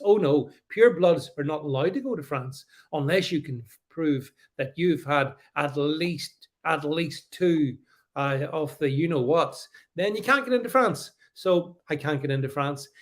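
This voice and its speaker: A man's voice: a little high, expressive, normal speed. A man hosting a political commentary livestream, reading out viewer comments and answering them emphatically and sarcastically, with frequent restarts and stammers. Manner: sarcastic asides.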